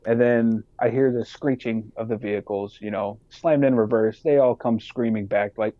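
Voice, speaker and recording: A man's voice: mid-range voice, moderate pace, no echo, muffled recording. A man who is a podcast guest and army sergeant, telling a story casually, swearing and acting out the voices of other people. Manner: profane, animated, acts out quoted voices.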